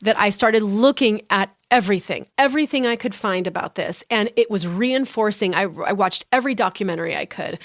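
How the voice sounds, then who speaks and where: A woman tells a personal story on a podcast, earnest and heartfelt. She leans on repeated phrases for emphasis. Her mid-pitched voice sits close and dry, with no room sound around it. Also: fairly quick, hardly any pauses, no echo.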